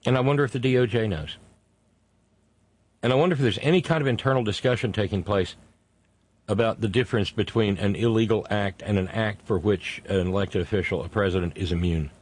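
A man hosting a political commentary monologue, indignant, stretching key words slowly for emphasis. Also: on the low side, darkish tone, husky. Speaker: host.

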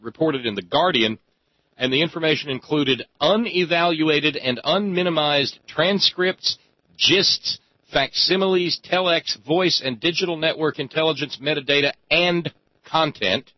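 A man hosting a radio call-in show, talking emphatically with drawn-out phrasing and many fillers. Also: fairly high pitch, no echo. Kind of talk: talk radio monologue and call-in chat. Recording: dry, slightly dull radio studio sound.

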